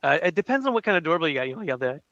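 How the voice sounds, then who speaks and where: A man's voice: a little high, big pitch swings, very fast, a bit bright, no echo, highs cut off. A male radio co-host in casual banter, rambling with many fillers and restarts. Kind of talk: casual game-show banter.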